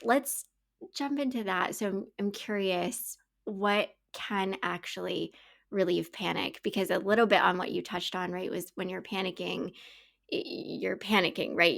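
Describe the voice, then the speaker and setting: Low, gravelly-voiced woman hosting. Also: measured pace. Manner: warm, empathetic, relaxed, speaks from experience. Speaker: podcast host. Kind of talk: conversational interview.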